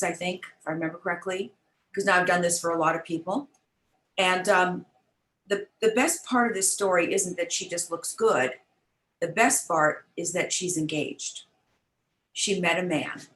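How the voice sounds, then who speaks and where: A woman's voice: lowish voice, a bit bright, roomy sound, poor audio. An older woman telling a heartfelt personal story as an interview guest, earnest and chatty, over a video call. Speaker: guest, business founder. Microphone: online event, video call.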